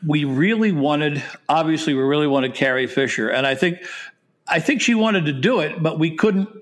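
A man's voice: on the high side, expressive, moderate pace. A middle-aged man, the guest, telling self-deprecating anecdotes in a rambling way, with frequent restarts and laughter. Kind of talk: anecdotal storytelling.

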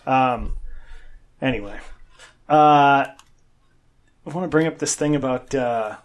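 A man's voice: mid-range voice, takes it slowly. A man co-hosting a podcast in casual chat, blunt and opinionated, swearing freely. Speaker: podcast co-host.

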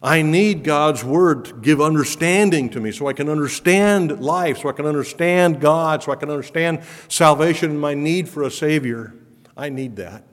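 A man's voice: fairly high pitch, moderate pace. A man preaching a sermon as pastor, earnest and emphatic, with his voice swelling when he speaks of wonder and awe. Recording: long hall reverb.

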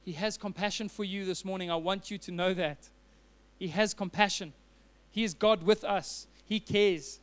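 A man's voice: sits high, fairly even intonation, moderate pace. A man preaching a sermon as a pastor, telling a personal story with earnest fillers and restarts.

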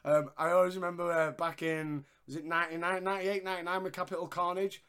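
A man's voice: sits high, flat delivery, fast, fairly bright tone, clean tone. Laughing man chatting wrestling. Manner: laughing often, acts out quotes, sweary. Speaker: podcast co-host. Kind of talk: casual wrestling review chat.

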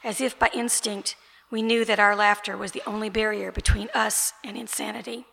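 An author reading her novel aloud at an indoor event, in a steady, even reading voice. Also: medium pitch, moderate pace, gravelly, a little hiss or hum. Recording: reverberant event room.

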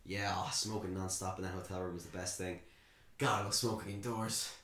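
A man's voice: low-pitched, fairly even intonation, a little fast, fairly bright tone. A man in casual chat, telling wry little stories. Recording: roomy echo, faint background noise.

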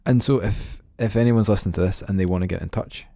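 A man hosts an interview podcast, often restarting his questions. His voice is very low and gravelly, with a dark, mellow tone. It is recorded dry and close. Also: fast, dry recording. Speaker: podcast host.

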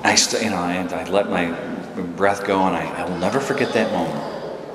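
In an echoey hall with room noise, a deep-voiced man in his sixties preaches a sermon, speaking fairly quickly. He tells a personal story that rises to emphatic, fervent peaks.

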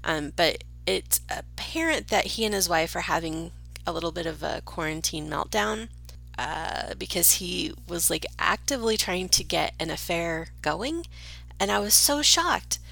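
A woman's voice: lowish voice, lively intonation, measured pace, creaky, bright, forceful tone. A woman co-host telling wry neighborhood stories in a casual, comic way, often dropping to a whisper for her asides.

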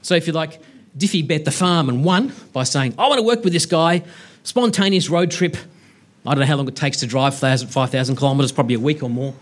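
A man telling a humorous story in a public science lecture, with lively self-deprecating asides. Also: mid-range voice, fast. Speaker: university lecturer giving a public science talk.

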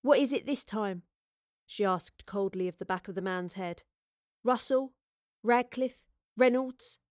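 A woman's voice: medium pitch, unhurried, darkish tone, no echo, clean studio sound, close to an everyday voice. A woman voicing a defiant, streetwise young girl who speaks bluntly and coldly, in an audiobook. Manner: blunt, cold, protesting. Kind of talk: audiobook character voice.

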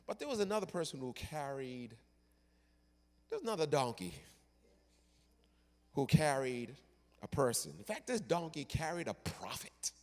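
A male pastor delivering a sermon with dramatic storytelling that swings from loud to hushed. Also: on the high side, big pitch swings, a little slow, pauses often, in a large hall.

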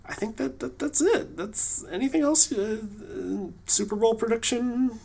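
A man's voice: extremely high pitch, a little slow, gravelly, darkish tone, slight background noise. A man co-hosting a podcast, talking in a loose, rambling way with many fillers and restarts. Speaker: podcast co-host. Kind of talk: casual podcast chat. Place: lives in New England.

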